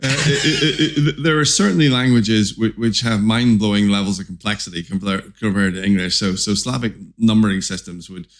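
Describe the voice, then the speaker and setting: A man's voice: lowish voice, fairly quick, few pauses. A company founder talking as a podcast guest in casual interview style, often restarting and repeating words as he explains.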